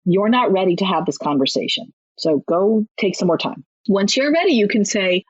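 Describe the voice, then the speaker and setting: A woman author giving candid, down-to-earth parenting advice as a podcast guest, talking briskly and laughing often. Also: medium pitch, lively intonation, breathy edge, no room sound, dull audio. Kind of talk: conversational advice in a podcast interview.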